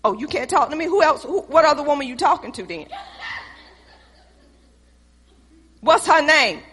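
A woman voicing a sassy, quarrelsome wife who talks loud and accusing. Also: high voice, animated, brisk, breathy edge, big-room sound, exaggerated voice.

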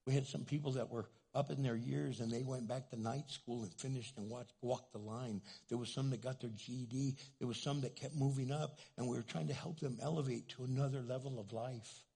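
An older man, a pastor preaching a sermon, who talks loud and animated and acts out little quotes. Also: mid-range voice, a little fast, creaky, hardly any pauses, husky.

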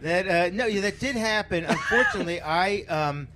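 High-voiced rambling man, self-mocking. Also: animated, brisk, sharp tone, a little hiss or hum. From Philadelphia area. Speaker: guest comedian. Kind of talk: casual podcast chat, storytelling.

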